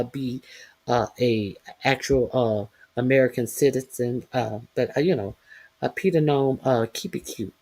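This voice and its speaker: A livestream host giving news commentary in a taunting, profane way, filling pauses with constant "uh"s. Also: mid-range voice, darkish tone. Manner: profane, taunting, heavy "uh" fillers. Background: reading chat comments.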